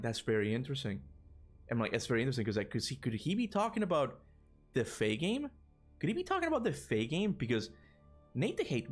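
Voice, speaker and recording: A man hosting a casual gaming livestream, rambling with many fillers and restarts, and laughing often. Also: medium pitch. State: burping after lunch. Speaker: gaming channel host.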